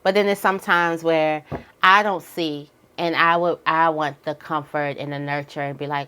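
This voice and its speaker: A woman giving a casual, candid tarot reading, now and then jumping into high voices to quote people. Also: normal speed, a bit bright. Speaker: tarot reader.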